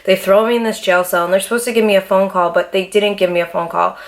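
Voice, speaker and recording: A woman's voice: medium pitch, fairly even intonation, fast talker. A young adult woman vlogger telling a personal story in a casual, blunt, profane way, full of fillers.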